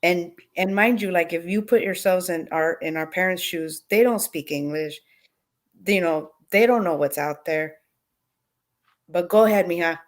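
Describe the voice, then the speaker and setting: A woman's voice: lowish voice, normal speed. A middle-aged woman guest on a podcast, telling an emotional personal story with animation. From California.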